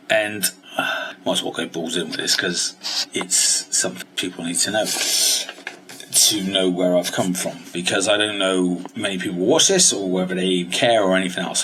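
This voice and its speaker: A man's voice: low voice, background noise. A British man telling a personal story on his vlog, blunt and rambling, with frequent swearing. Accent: British English. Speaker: diet vlogger and coach. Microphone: handheld vlogging camera.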